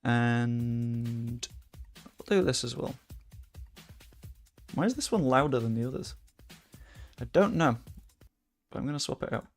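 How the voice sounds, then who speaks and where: A young man talks his way through a game livestream at his desk mic, swearing freely and reacting loudly to each moment. His voice sits in a middle pitch with a rough, gravelly edge. Faint music plays underneath. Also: measured pace, long pauses. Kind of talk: casual livestream commentary while playing. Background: faint background music.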